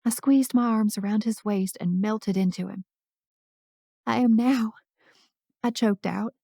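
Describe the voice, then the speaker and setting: A woman's voice: medium pitch, fairly even intonation, normal speed, gravelly, dark tone, dry recording, studio quality. A woman narrating a first-person romance audiobook in an intimate, emotional reading.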